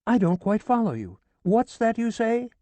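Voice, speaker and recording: A grieving, indignant old woman, put on by a male narrator in a high, mellow voice. She laments and then berates with fierce scorn, in a close, dry audiobook read. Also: big pitch swings, normal speed, dry recording. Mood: indignant tirade. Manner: wailing, then scolding and indignant. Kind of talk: audiobook character reading.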